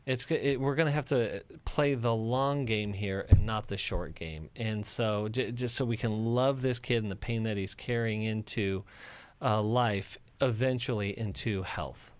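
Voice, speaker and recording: A man's voice: lowish voice, a little slow, clear, resonant tone, dry recording. A man co-hosting a radio advice show as a counselor, earnest and thoughtful.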